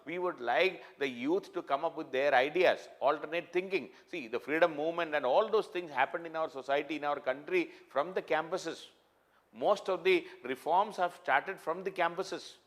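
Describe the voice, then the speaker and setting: A man with a fairly high, somewhat bright voice gives a classroom lecture. He is emphatic and repetitive, often restarting sentences and leaning on fillers.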